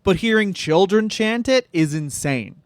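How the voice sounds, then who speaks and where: A man's voice: high voice, lively intonation, smooth, no echo. A man co-hosting a comedy podcast, riffing in a jokey, casual way. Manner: riffing, jokey, with quick impressions. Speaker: podcast co-host.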